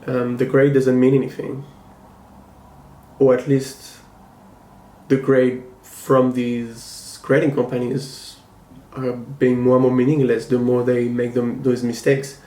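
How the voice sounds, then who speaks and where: In his casual review vlog, this comic book collector and channel host talks to camera in a measured, critical way. His middle-pitched voice is mellow, slow and completely flat, with little rise or fall. The recording has a roomy echo and faint ambient hum.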